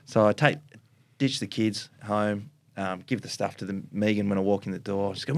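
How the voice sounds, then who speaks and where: An Australian man in his forties, a former footballer and podcast guest, telling stories in an animated way and acting out the voices. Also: on the low side, a little fast. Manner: animated storyteller, acts out voices, laughs often. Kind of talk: casual chat, anecdote telling.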